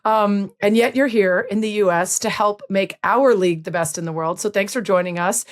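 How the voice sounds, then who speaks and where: A woman from the United States hosting a podcast, chatting casually and joking with her guest. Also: medium pitch. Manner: chatty, joking, quick to laugh. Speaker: podcast host. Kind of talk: casual interview chat.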